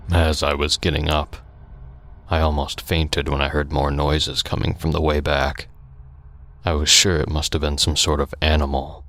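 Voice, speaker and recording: Man, extremely deep voice, flat even delivery, scripted horror narration.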